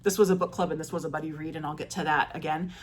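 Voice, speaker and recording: Chatty woman book vlogger, lowish voice. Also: fairly even intonation, racing. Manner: chatty, enthusiastic, frequent fillers and restarts. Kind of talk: casual monthly reading wrap-up.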